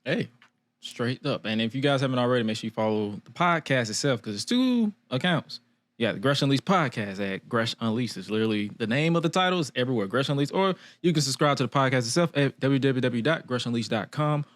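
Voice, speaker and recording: Laughing, lively male podcast host. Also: medium pitch, fast talker, dry recording. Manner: laughs a lot, swears freely, lively storytelling. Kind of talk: casual chat.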